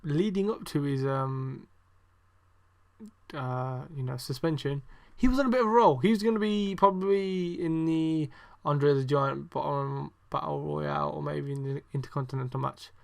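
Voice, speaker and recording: Gravelly young man ranting. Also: fairly high pitch, normal speed. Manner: rambling, heavy swearing, many ums; exasperated, sarcastic. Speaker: podcast host. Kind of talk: casual wrestling review chat.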